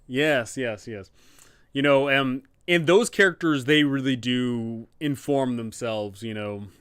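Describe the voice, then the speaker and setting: A man's voice: mid-range voice, slow pace, a bit bright, smooth, no echo. A man, a dungeon master hosting a live Q&A stream, chatting casually and rambling. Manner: rambling, lots of fillers and restarts.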